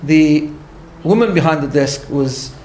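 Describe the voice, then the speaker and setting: High-pitched guy, rabbi telling a story at a class, chatty and laughing at himself, echoey room. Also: unhurried, slight background noise. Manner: animated storytelling, laughing at his own asides, frequent restarts. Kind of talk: conversational lecture with a story.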